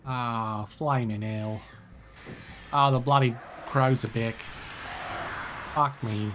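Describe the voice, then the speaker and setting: A man talks through a video game session with a voice of ordinary middle pitch. He curses freely and mutters in exasperation at the game, then drops into chatty asides to his viewers. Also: steady tone, slow pace, noisy background. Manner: swears a lot while playing, exasperated muttering. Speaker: gaming channel host. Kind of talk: let's play commentary.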